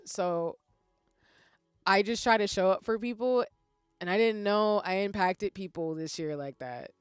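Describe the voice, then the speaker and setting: A woman streamer chatting casually with her viewers, expressive and swinging from soft-spoken to loud exclamations. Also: medium pitch, smooth, dry recording, clean studio sound.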